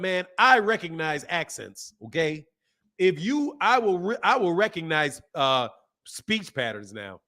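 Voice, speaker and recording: With a high-pitched voice, a man runs a boxing channel, giving casual, opinionated takes and laughing frequently while he replies to viewers in the chat.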